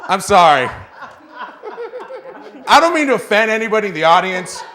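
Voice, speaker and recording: A man's voice: high-pitched, sing-song, normal speed, pushed and bright. A man doing a stand-up comedy set, trading in self-mocking punchlines before a live audience. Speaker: stand-up comic. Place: small club stage with live audience.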